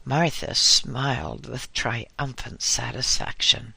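A man narrating a humorous story in a deliberate, wry reading. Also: medium pitch, fairly even intonation, sharp tone, no echo.

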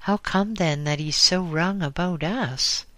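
A man's voice: on the high side, unhurried, fairly bright tone, no echo, voice pushed up. A man reading aloud and voicing an eager, hesitant young man who keeps asking questions.

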